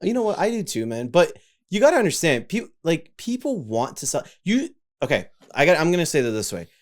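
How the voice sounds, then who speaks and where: A man's voice: a little high, very animated, a little fast. A young man co-hosting a podcast in casual chat, teasing his friends, laughing often and swearing. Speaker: podcast co-host.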